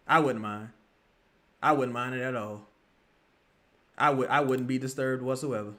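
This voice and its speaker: Streaming his live take on a basketball game, this young male fan speaks in a mid-range voice at a moderate pace, with long pauses. He is excitable and foul-mouthed, frequently shouting at the players.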